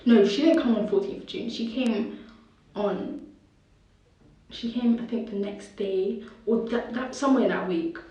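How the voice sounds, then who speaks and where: A young woman, telling a personal story haltingly and with emotion, her speech full of "like". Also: on the high side, mellow, far from the mic, dull audio. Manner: halting, heavy use of "like", emotional. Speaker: vlogger. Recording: very echoey room, voice off the mic.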